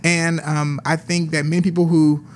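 A man's voice: on the high side, flat delivery, normal speed, a little hiss or hum. A man hosting a casual podcast interview, joking and often restarting his sentences. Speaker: podcast host.

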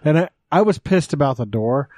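Swearing animated male podcast co-host. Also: fairly high pitch, brisk, no echo. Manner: swears freely, animated storytelling. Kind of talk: casual chat.

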